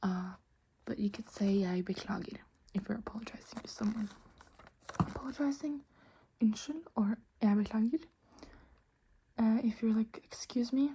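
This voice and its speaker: A woman whispering a soft ASMR language lesson into a close microphone, patiently repeating each word several times. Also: a little high, a little hiss or hum. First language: Norwegian. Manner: soft whispering, patient slow repetition of words. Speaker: language teacher.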